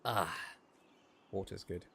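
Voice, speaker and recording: A man streaming a farming game, chatting casually, joking and rambling with sudden loud outbursts. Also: low-pitched, takes it slowly, gravelly, a little hiss or hum. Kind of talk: casual gameplay livestream chat. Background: faint background music.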